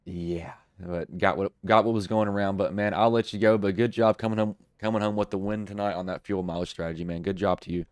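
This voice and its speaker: A young man hosting a racing live stream while sick sounds nasal and congested, his low, slightly mellow voice flat and fairly quick with few pauses. He wraps up in a casual, rambling way, captured in a dry, clean studio recording.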